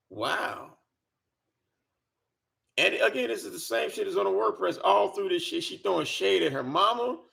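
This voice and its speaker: A man's voice: sits high, vocal fry, a bit bright. A man giving an exasperated, profane reaction rant, stammering and repeating himself as he talks. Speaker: commentary vlogger. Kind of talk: ranting reaction commentary.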